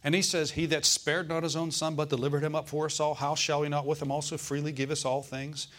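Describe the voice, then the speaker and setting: A man preaching a sermon as pastor, calling out to the congregation and slowing down to stress scripture verses. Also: fairly high pitch, flat delivery, a bit bright. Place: church.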